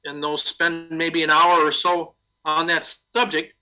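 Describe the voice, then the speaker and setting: A man's voice: a little high, little pitch movement, measured pace, pushed and bright, muffled recording. A man presenting at a maintenance conference, speaking conversationally and posing rhetorical questions to the audience.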